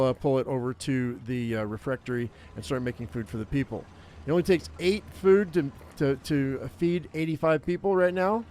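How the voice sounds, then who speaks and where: A man's voice: on the high side, a little mellow, slight background noise. A man giving casual gameplay commentary as a gaming YouTuber, rambling and thinking aloud with lots of fillers and restarts.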